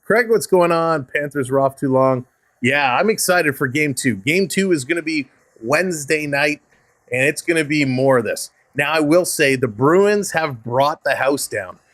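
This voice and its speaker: A Canadian man gives live hockey play-by-play on his stream, upbeat and chatty, thanking viewers by name between plays. His voice sits a little high for a man and sounds dry and close, with no room around it. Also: expressive, normal speed, fairly bright tone, no echo. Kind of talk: play-by-play commentary mixed with chat replies.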